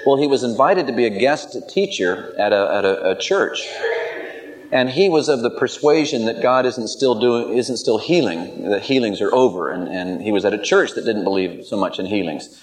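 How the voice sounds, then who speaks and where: A man's voice: mid-range voice, expressive, moderate pace, poor audio. A male pastor preaching a sermon, telling stories with many restarts and repeated words, growing more emphatic as he exhorts.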